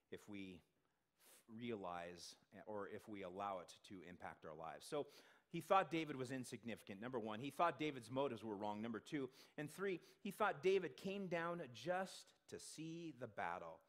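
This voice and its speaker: A man's voice: on the low side, expressive, normal speed. A male pastor delivering a sermon in a conversational way, asking the congregation questions and acting out the voices he quotes. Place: church sanctuary.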